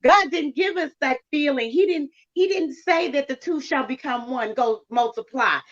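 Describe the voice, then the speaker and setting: Woman, emphatic preaching tone, fairly high voice, muffled lo-fi sound. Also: normal speed. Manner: preachy, emphatic, swinging pitch. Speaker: guest speaker. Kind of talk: casual preachy chat.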